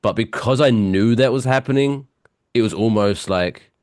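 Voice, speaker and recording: A man co-hosting a podcast, giving blunt opinions and quick dry quips. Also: fairly low pitch, darkish tone, dry recording. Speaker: podcast co-host. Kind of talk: casual chat.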